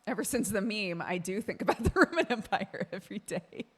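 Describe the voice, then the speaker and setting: A woman's voice: mid-range voice, animated, brisk, breathy edge. A woman streamer chatting casually with her viewers, laughing often as she talks. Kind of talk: casual live-stream chat.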